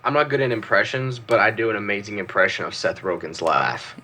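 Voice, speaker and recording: A man's voice: lowish voice, lively intonation, fairly quick, pushed and bright. A teenage man guesting on a casual podcast, laid-back with short replies. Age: teens. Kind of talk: casual chat.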